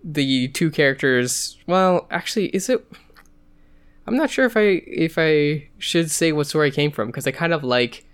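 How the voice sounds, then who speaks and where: Podcast host, hesitant and casual, reads a short story aloud at a mid pitch. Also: lively intonation, moderate pace, smooth. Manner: hesitant, many fillers. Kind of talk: casual chat and story reading.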